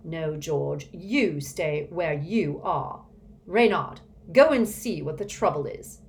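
A woman voicing an irritable, blustering old villain man who talks loudly and huffily. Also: slow pace. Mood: irate. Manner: loud, shrill and huffy.

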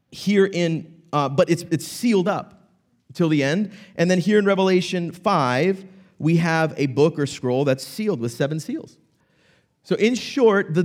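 A man delivers a sermon in a somewhat high voice. He tells the story dramatically, dropping to a near hush and then rising loud again. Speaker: pastor.

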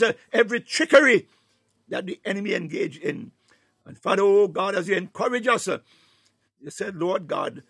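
A man leads a fervent, spontaneous morning prayer, punctuating each phrase with calls to God and at times breaking into tongues. His high-sitting voice swells from hushed tones to near-shouts, recorded cleanly in a studio with no room sound.

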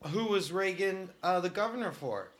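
A man in casual chat, telling animated stories and swearing freely. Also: sits high, moderate pace.

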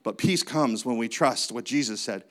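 A man's voice: medium pitch, normal speed, fairly bright tone. A man preaching a sermon as a pastor, with a conversational manner, lots of rhetorical questions and playful asides.

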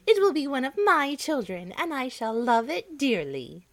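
A woman doing a high, doting mother hen. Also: sing-song, moderate pace, fairly bright tone, heavily acted. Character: proud motherly speckled hen.

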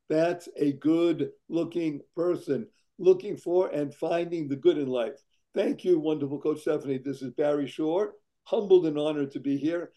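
A hoarse man talking as a podcast guest, exuberant and playful, spelling words out. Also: a little high, warm tone. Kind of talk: casual podcast chat.

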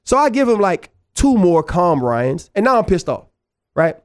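A man with a fairly high voice and a New Orleans accent spins a rambling story for his show's listeners. He talks in a loose, animated way, drifting into side tangents and tossing in "right?" every few sentences. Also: moderate pace, clear, resonant tone. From New Orleans, USA. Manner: animated, digressive, peppered with "right?". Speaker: podcast host. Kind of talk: casual storytelling monologue.

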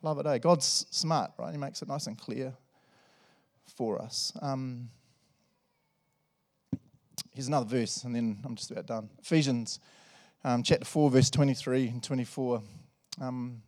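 A male pastor preaching a sermon in a church service, animated and jokey, swinging between loud and soft. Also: mid-range voice, a little slow, long pauses.

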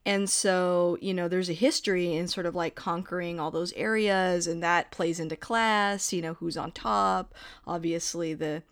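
A woman's voice: lowish voice, fairly even intonation, moderate pace, hardly any pauses, clear, resonant tone. An American woman chatting casually about a film, thoughtful and agreeable, often laughing. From United States.

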